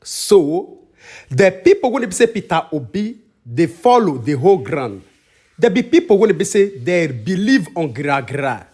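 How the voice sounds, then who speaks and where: A man's voice: high voice, sing-song, unhurried, a little mellow, breathy edge. A man speaking with a Nigerian Pidgin accent, hosting a channel and casually commenting on a video clip, reasoning aloud.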